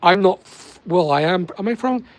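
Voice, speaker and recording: A man from Northern Ireland, speaking with a Northern Irish accent, hosts a casual live stream, reading viewer comments and chatting with viewers by name in a rambling way. His voice is high-pitched with lively intonation at a moderate pace, and the recording is dry.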